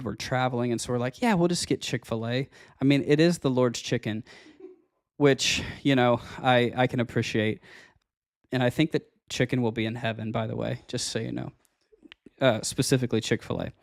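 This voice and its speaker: A man's voice: mid-range voice, no room sound. A man in his thirties hosting a podcast from a studio, talking in a casual, self-deprecating monologue and laughing often. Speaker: podcast host and finance advisor.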